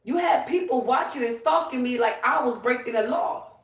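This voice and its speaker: A woman's voice: sits high, expressive, normal speed, recorded from a distance. A woman ranting on a livestream, profane, emphatic and confrontational. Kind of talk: livestream rant. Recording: roomy, away from the mic.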